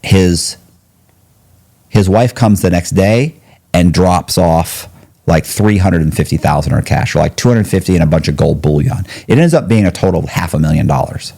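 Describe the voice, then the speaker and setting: A middle-aged man with a very low, mellow voice recounts a story in a casual interview. He rambles with slang, swears freely and restarts his sentences often. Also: animated, normal speed, creaky. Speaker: interview guest.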